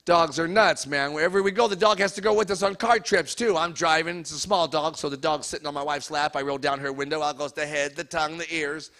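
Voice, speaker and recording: Stand-up comic, male, high-pitched and bright, quick to rib the crowd. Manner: loud, fast-joking, teases the audience. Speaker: stand-up comedian. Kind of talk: stand-up comedy set with crowd work. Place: comedy show before a live audience.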